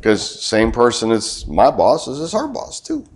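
Animated middle-aged pastor preaching. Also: male voice, medium pitch, measured pace. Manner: conversational preaching with rhetorical questions to the congregation; joking asides. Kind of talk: sermon.

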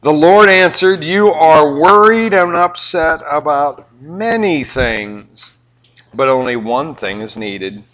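Bright-voiced older Southern pastor. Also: male voice, on the high side, slow pace, rough recording. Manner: animated, joking with the congregation. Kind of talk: sermon.

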